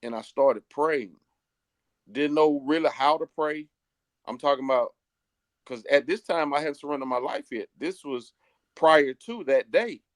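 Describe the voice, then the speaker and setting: A middle-aged man, a pastor, telling a personal story in an interview, earnest and slowing down at the key moments. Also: on the high side, dry recording, studio quality.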